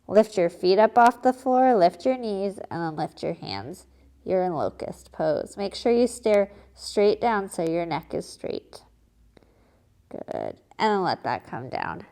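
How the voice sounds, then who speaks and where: Slow, calm woman leading kids' yoga. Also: lowish voice. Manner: calm, encouraging, clear step-by-step cues. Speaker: kids yoga instructor. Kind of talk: guided yoga lesson for children.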